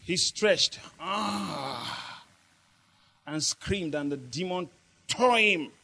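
A man's voice: a little high, slow pace, slight background noise. A man preaching a sermon, laughing often and calling on his congregation to answer back. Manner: lively, laughing often, call-and-response with the congregation.

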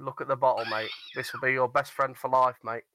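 A man's voice: medium pitch, flat delivery, brisk, bright, forceful tone, slight background noise. A man in casual podcast banter, teasing his friends and calling them mate. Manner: teasing, says mate a lot. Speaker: podcast co-host.

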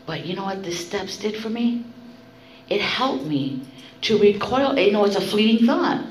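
A woman's voice: mid-range voice, a little slow. Blunt woman sharing at a meeting. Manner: blunt, profane, animated storytelling. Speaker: recovery meeting speaker. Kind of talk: candid spoken testimony. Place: meeting room. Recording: echoey room, faint noise.

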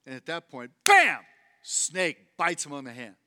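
Speaking at a normal speed with a fairly high pitch, a man preaches animatedly as a guest speaker. Repeated phrases add emphasis, and he invites responses from the congregation.

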